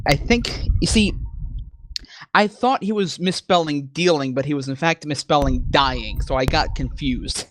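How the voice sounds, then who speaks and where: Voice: medium pitch, unhurried, noisy background. A person reading a horror story aloud with sarcastic, profane commentary, stumbling over the clumsy text. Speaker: story reader and co-host.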